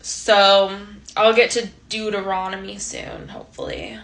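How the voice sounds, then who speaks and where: A woman's voice: medium pitch, wildly swooping pitch, measured pace, creaky, very noisy. A young woman giving a casual, slangy, ironic Bible recap into a phone camera, with lots of "like". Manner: chatty, slangy, ironic, many likes. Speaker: host.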